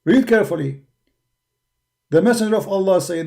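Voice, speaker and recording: A man's voice: high-pitched, a little slow, mellow. A man hosting a livestream who argues in broken English, keeps calling his listeners brother, and speaks in a tired, mocking tone. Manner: mocking, argumentative. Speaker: livestream host. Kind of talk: livestreamed religious critique talk.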